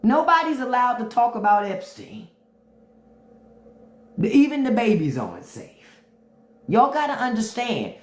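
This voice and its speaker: A woman's voice: a little high, very animated, measured pace, long pauses, reverberant. A woman hosting a casual livestream, talking bluntly and profanely and answering viewer comments. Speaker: livestream host.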